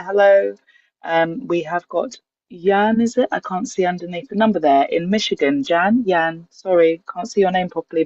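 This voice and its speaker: A woman hosting an online singing session over a video call, greeting people one by one by name and place and leading a breathing warm-up. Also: mid-range voice, dry recording. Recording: dull, dry video-call audio.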